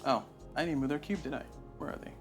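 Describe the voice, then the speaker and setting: Fast-talking and medium-pitched, a man offers casual commentary on his solo board game playthrough stream, muttering, thinking aloud, and poking fun at himself. He uses a lapel mic on his shirt, and soft background music plays.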